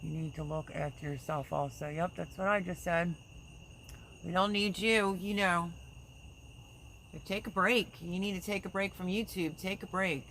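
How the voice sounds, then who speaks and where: A woman's voice: lowish voice, moderate pace, slight background noise. Chatty woman livestreamer, crickets behind. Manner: chatty and warm-hearted, reads viewer comments aloud, offers prayers. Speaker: livestream host. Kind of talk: casual live chat reading comments.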